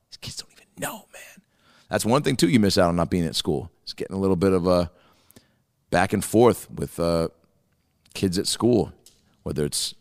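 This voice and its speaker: A man's voice: deep voice, dry recording, studio quality, in a large hall. A man, a comedian hosting a podcast, rambling in a profane, casual monologue. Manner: profane, rambling, swears a lot.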